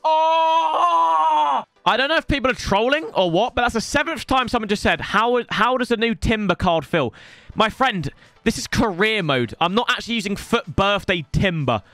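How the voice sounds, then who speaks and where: Excitable high-voiced young man. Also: fairly quick, no echo, soft background music. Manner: excitable, loud outbursts; chatty slang, addresses viewers as lads. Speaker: gaming YouTuber. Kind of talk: live gameplay commentary.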